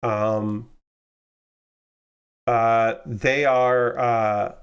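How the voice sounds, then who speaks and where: A man's voice: mid-range voice, fairly even intonation, drawn-out words, clean tone, lo-fi sound. A man hosting a model kit build stream, chatting casually and tiredly, rambling with lots of fillers and the odd swear word. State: tired and yawning. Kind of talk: casual chat while building.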